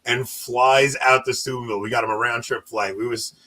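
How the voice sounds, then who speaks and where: A man's voice: medium pitch, fairly even intonation, fast talker, pushed and bright, slight background noise. A man from New York hosting a casual podcast, telling rambling stories and laughing often. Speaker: podcast host.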